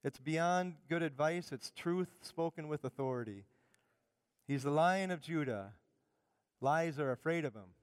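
A middle-aged male pastor preaches with fervent, emphatic conviction in a smooth, resonant voice that sits slightly high for a man. He is close and dry on the mic, with no room echo. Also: expressive, unhurried. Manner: fervent, emphatic preaching that drops to quiet asides. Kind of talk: sermon.

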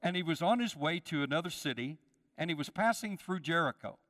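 A man's voice: a little high, animated, a little fast, a bit bright. A man preaching a sermon to his congregation, calling out to them and acting out the voices in the story. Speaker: pastor. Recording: long hall reverb.

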